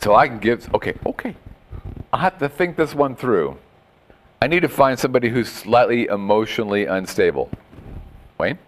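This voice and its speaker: A man's voice: medium pitch, animated, normal speed, long pauses. Guy hosting a podcast, jokey storyteller, voice swings up and down a lot, laughs a bunch. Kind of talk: casual banter.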